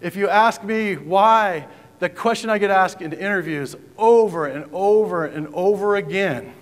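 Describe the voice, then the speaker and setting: A man's voice: sits high, a little slow. A man giving a joking, punchy keynote talk to a conference audience, often asking the crowd questions. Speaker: conference speaker. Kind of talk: keynote presentation to a live audience. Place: large conference hall. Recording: distant hall reverb, faint ambience.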